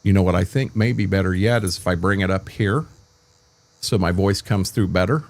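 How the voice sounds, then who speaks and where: This older streamer talks with his viewers over a desk microphone at home while playing a farming game, wandering and repeating words as he goes. The voice is low, at normal speed.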